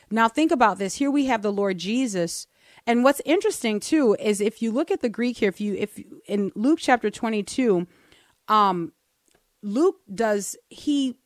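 A woman co-hosting a Christian talk show, earnestly teaching from the Bible and slowing down to read verses aloud. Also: mid-range voice, no room sound, studio quality. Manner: earnest, explains step by step, slows down to read verses.

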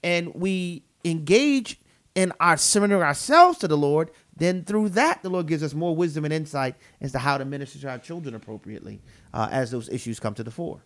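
Man, earnest, emphatic, preacherly, slightly high voice. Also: lively intonation, fairly quick, fairly bright tone. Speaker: co-host. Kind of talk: Christian podcast conversation, preaching manner.

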